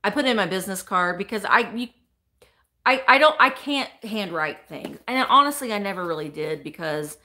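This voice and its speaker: A woman's voice: mid-range voice, pushed and bright. A woman hosting a casual live stream from home, gushing over the items she unboxes and greeting viewers by name. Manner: chatty, gushing, exclamatory, reads viewer comments aloud. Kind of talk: casual live-stream chat, opening mail.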